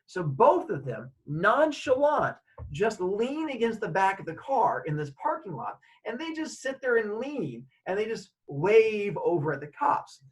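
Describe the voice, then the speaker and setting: A man tells a personal story in a casual, animated way, with his voice swinging up and down as he acts out each line of dialogue. He sits a bit higher than most men's voices. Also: unhurried, hardly any pauses, rough recording. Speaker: host.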